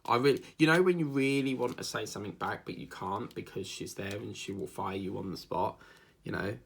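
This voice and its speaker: A man's voice: lowish voice, fairly quick, gravelly, husky. A man chatting casually while he works on a diamond painting, rambling from story to story and slipping into mimicked accents. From England. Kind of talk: casual chat while crafting.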